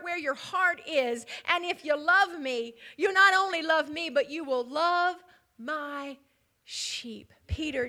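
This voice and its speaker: A woman preaching a sermon, telling the story dramatically, dropping to near whispers and building to loud emphatic peaks. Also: extremely high pitch.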